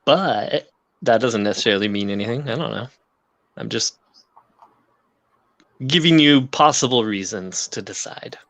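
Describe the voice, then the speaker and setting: A man's voice: lowish voice, lively intonation, measured pace, pauses often, fairly bright tone. A man co-hosting a casual chat, a comic creator who tells stories animatedly, laughs often and acts out what others said. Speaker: comic book creator and co-host.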